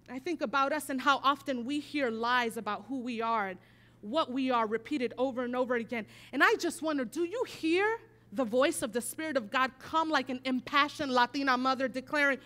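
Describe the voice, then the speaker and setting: A woman with a high voice preaches a sermon at a brisk pace, telling a personal story. She shifts between hushed, quiet passages and emphatic declarations.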